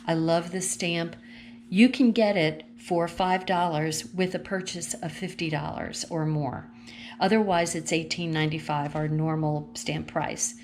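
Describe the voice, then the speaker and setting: Slow, low-voiced woman chatting through a catalog. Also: a little hiss or hum. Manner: chatty, gushing, thinks aloud while paging through. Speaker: consultant showing a craft catalog. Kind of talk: casual catalog walkthrough vlog. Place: at home with her dogs.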